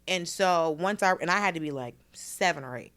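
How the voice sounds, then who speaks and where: Lively storytelling woman, low voice. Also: brisk. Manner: animated storyteller, acts out quotes, swears. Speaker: guest comedian. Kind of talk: casual podcast chat.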